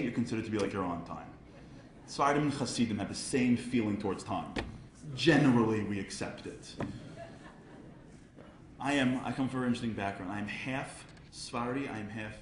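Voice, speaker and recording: A man gives a comic storytelling speech at a charity event. He acts out voices and builds to loud peaks. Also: mid-range voice, brisk, roomy sound, a little hiss or hum. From Brooklyn, New York.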